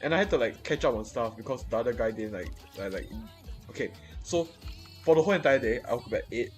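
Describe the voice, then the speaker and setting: A man's voice: mid-range voice, expressive, fast, soft background music. A young man venting in casual chat, swearing freely and rambling through many restarts and repeated words.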